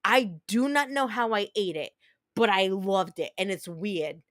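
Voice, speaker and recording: Close to her microphone, a New Jersey game streamer in her thirties spins chatty, meandering stories while she plays, often starting over. Her medium-pitched voice is lively and unhurried, and there's no echo.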